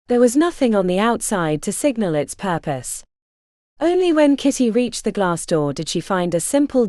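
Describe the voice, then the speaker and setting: A woman narrating a novel in a measured, expressive audiobook reading. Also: mid-range voice, no echo, clean studio sound.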